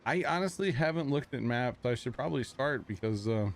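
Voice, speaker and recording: A man hosting a casual gaming livestream, chatty and quick to laugh, greeting viewers by name as he plays. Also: mid-range voice, lively intonation. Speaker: streamer host. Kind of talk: casual chat while gaming.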